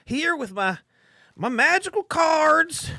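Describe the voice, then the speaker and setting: Man doing a loud high-pitched huckster hawking cards, dry close sound. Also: very animated, takes it slowly, no echo, exaggerated voice. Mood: hyped. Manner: booming hard-sell huckster delivery. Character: loud, brash adult male card-shop pitchman. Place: comic shop.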